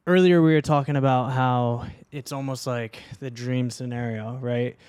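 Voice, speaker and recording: A man interviewing a guest, asking a thoughtful question in a measured way and sometimes searching for words. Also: medium pitch, fairly even intonation, darkish tone.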